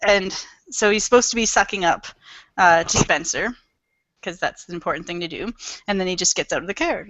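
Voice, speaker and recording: A young woman in a casual book club discussion, animated and playful. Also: lowish voice, fairly quick, dry recording. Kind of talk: casual chat. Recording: dry, dull lo-fi sound.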